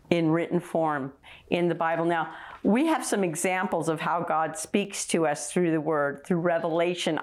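A woman giving a Bible teaching program, speaking earnestly and exhorting her listeners, often restarting her sentences. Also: lowish voice. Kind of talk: radio-style Bible teaching.

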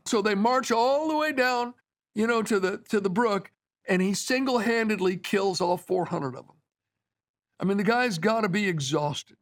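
A man's voice: high-pitched, fairly quick, a bit bright. A man preaching a sermon in a conversational, storytelling way, with asides to his listeners.

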